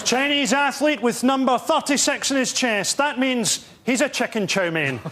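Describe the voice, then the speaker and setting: A man on a comedy panel delivering loud, punchy one-liners. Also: very high-pitched, lively intonation, normal speed, very noisy. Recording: TV studio with loud audience.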